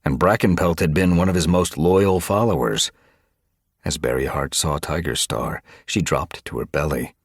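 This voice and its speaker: A man narrating an animal adventure audiobook in an expressive storytelling manner. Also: rumbling low, normal speed, slightly rough, no room sound, studio quality. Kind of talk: scripted narration.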